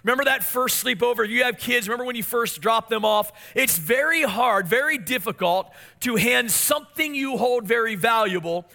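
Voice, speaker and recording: High, bright-voiced male pastor preaching. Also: moderate pace, gravelly, hardly any pauses. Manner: storytelling, animated, asks the congregation questions. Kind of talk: sermon.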